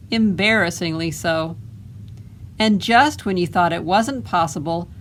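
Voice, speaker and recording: A woman librarian reading a picture book aloud to children, gently stopping to ask them questions. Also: fairly low pitch, slight background noise, rough recording.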